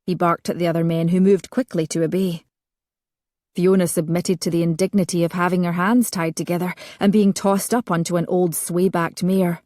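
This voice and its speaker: A woman narrating a romance audiobook with measured storytelling. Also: lowish voice, flat delivery, darkish tone, no echo, studio quality.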